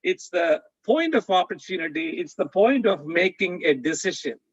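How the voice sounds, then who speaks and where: A man speaking at a college conference, telling students a parable in a halting, storytelling way. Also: high voice, very animated, breathy edge, dry recording, highs cut off. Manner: storytelling, halting with fillers and repeats. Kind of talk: motivational talk to students with a parable.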